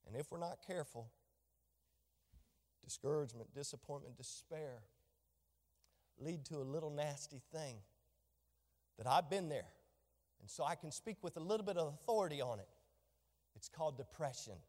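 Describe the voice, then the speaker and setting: A male pastor with a high-pitched voice delivers a sermon in a church hall. His voice rings out in long reverb as he swings from loud, emphatic proclamations to quiet, low asides. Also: lively intonation, moderate pace, pauses often. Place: church sanctuary.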